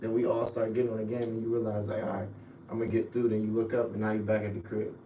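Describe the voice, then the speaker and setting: A young man, a former college football player, telling stories in relaxed slang on a casual podcast. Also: fast, dull audio. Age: young adult. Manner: laid-back storytelling with slang, drifts low and quiet. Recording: echoey room, mic at a distance, faint noise.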